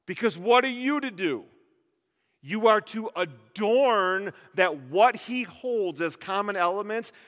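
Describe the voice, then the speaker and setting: High, bright-voiced joking preacher. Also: male voice, in a large hall. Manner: animated, joking, full of rhetorical questions. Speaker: pastor. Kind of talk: sermon.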